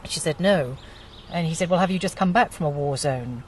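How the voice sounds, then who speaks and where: A woman hosting a group discussion, talking with many pauses and fillers. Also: deep voice, distant mic, a little hiss or hum. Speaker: group host.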